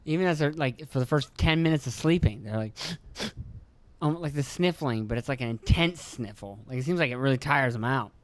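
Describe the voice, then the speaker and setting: A young man hosting his own podcast, from rural Pennsylvania, talking in a casual, profane, joking ramble with a phlegmy throat. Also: medium pitch. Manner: profane, joking, acts out his kids and himself in quick voices. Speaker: podcast host.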